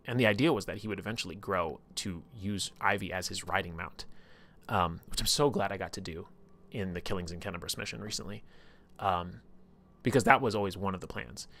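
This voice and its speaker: A man's voice: sits low, creaky, fairly bright tone. A man casually recapping his tabletop campaign on a stream, rambling and full of filler words. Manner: rambling, filler-heavy, lots of "like".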